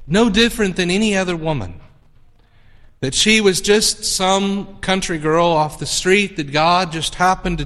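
A priest reading the gospel and preaching a homily, measured and emphatic, building his points through repetition. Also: high voice, pushed and bright, long reverb tail.

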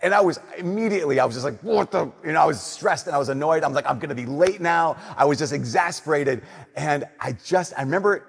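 A young man, a Catholic priest, giving an earnest, conversational homily that drops to soft emphasis. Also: on the high side, fast talker, creaky, husky. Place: church. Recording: long church reverb.

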